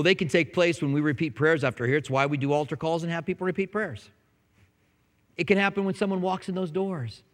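A male pastor preaching an earnest sermon, swinging between loud emphatic lines and hushed, quiet ones. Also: on the high side, big-room sound.

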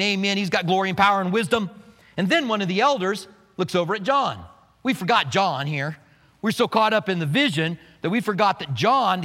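A man preaching a sermon in an animated way, acting out the scenes he describes. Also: high-pitched, in a large hall. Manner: animated, acts out scenes with quoted voices. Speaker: pastor.

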